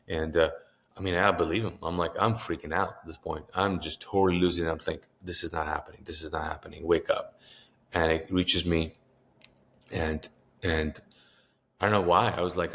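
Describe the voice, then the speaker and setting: Deep-voiced man telling his story. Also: a bit bright. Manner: earnest, acts out the voices of people he quotes. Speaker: pastor and author, interview guest. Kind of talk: personal storytelling in a conversation.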